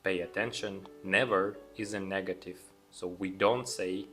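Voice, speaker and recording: A young man teaching English grammar, saying each example sentence slowly and then repeating it, calm and patient. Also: low voice, faint music behind. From Russia. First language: Russian. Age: young adult. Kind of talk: slow, deliberate language lesson.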